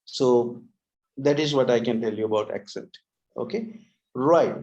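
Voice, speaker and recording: A man's voice: medium pitch, measured pace, darkish tone, lo-fi sound. A man co-hosting a webinar on learning English, talking casually with frequent restarts and tag questions. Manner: chatty, restarts often, rhetorical tag questions. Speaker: webinar co-host, English trainer. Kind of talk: casual educational talk.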